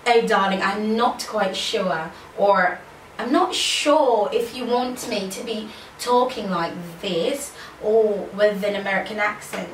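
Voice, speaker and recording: A breezy, chatty posh British lady, as a woman puts the accent on. She sounds self-aware and talks at an even middle pitch. The room is echoey, she sits back from the mic, and there is a faint hum of ambient noise. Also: slow, far from the mic, natural voice. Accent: put-on British.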